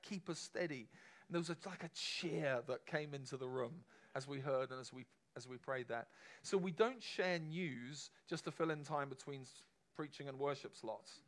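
A man's voice: a little high, fairly bright tone. Conversational man preaching a sermon. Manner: conversational, emphatic, asks the congregation questions.

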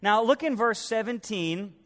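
A man pastor preaching a sermon emphatically, swinging from loud peaks to hushed, drawn-out lows. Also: lively intonation, long reverb tail.

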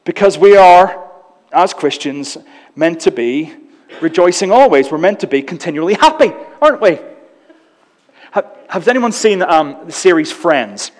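A man's voice: sits high, a little slow. Man preaching in an echoing church hall. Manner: lively, acts out quotes in shifting voices, conversational humor. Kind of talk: sermon. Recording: long reverb of a church hall.

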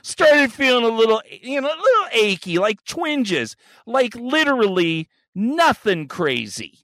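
A man's voice: very high voice, sing-song, a little slow, fairly bright tone, no echo. A man hosting a podcast, telling a crude story in casual chat and acting out the voices and yelps. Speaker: podcast host.

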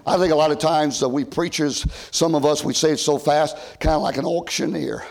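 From a church pulpit, an older male pastor delivers an old-time sermon, swinging from loud shouted emphasis to quiet asides. His voice is fairly high, steady and creaky, and he speaks a little fast.

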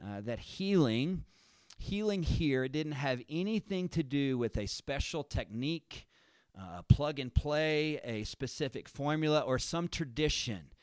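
A male preacher delivers his sermon slowly and deliberately, leaning on key phrases and repeating them for emphasis. His voice is smooth and clear. The sound is dry and close, with no room ring. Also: a little high, animated, a little mellow, dry recording.

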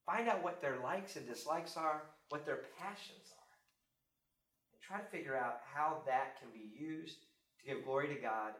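A middle-aged man giving a sermon, telling stories lively and then turning quiet and reflective. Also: on the high side, normal speed. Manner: animated storytelling, acting out scripture dialogue. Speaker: speaker on faith and parenting. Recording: roomy echo, mic at a distance.

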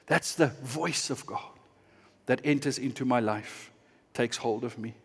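A man preaching a sermon as pastor, earnest and shifting between hushed and impassioned delivery. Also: medium pitch, unhurried, slightly rough, in a large hall.

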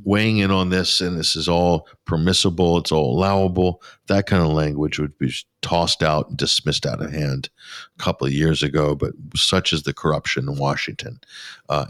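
Male radio host, very low voice, dry studio sound, sarcastic and scornful commentary. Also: dry recording. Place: pop-up studio.

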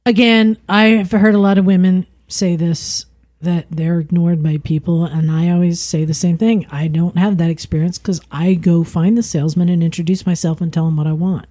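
A woman's voice: fairly low pitch, steady tone, normal speed, dark tone. Direct, advice-giving woman. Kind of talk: casual podcast chat.

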